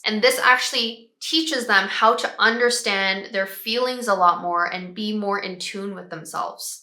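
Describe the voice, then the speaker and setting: A woman, a child behavior expert, calmly explaining parenting strategies and modeling phrases parents can use. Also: mid-range voice, roomy sound. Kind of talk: parenting advice talk.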